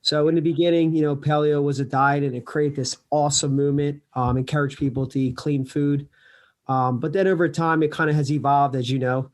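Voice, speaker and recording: A man with a New Jersey accent, a company founder answering interview questions in an earnest, measured way. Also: fairly high pitch, fairly even intonation, a little mellow. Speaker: podcast guest, company founder. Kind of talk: casual interview.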